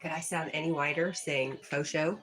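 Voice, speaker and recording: A woman's voice: deep voice, steady tone, moderate pace, fairly bright tone. A woman with a Southern US accent hosting a casual livestream, reading viewer comments aloud, laughing often and talking to her pet. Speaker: livestream host.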